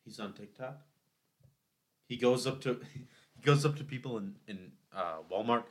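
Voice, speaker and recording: A young man in casual chat, relaxed as he listens, then lively when he retells a video he saw. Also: medium pitch, a little slow.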